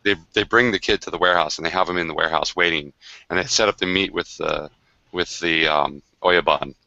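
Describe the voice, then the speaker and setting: A man's voice: low voice, a little fast, vocal fry, sharp tone, no echo, dull audio. A man casually recounting a tabletop game session on a video call, rambling with many fillers and restarts. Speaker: game designer on a livestream.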